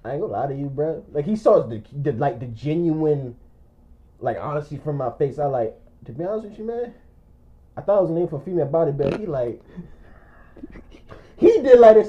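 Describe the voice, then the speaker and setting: A man's voice: fairly high pitch, sing-song, fairly quick, long pauses, muffled recording. A man telling a story in casual chat, animatedly acting out both sides of the conversation.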